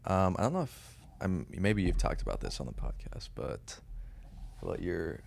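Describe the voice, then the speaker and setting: A man's voice: deep voice, big pitch swings, moderate pace, vocal fry, a little hiss or hum. A man chatting casually on a podcast, easygoing, mostly giving short agreeing replies.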